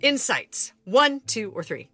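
A woman's voice: a little high, sing-song, slow pace, bright, forceful tone, soft background music. A woman hosting an interview, speaking in a reflective way and thinking aloud. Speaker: host. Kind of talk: interview conversation.

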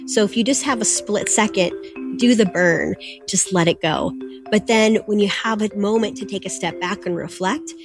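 A woman's voice: medium pitch, normal speed, over music. A woman guest who works as a performance coach, explaining her techniques in an encouraging, instructive way.

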